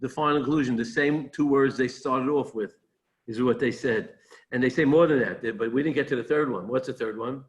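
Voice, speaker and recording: A man, a rabbi, giving a Torah talk, animated and rising sharply when quoting mockery, with frequent restarts and repeated words. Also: mid-range voice, brisk.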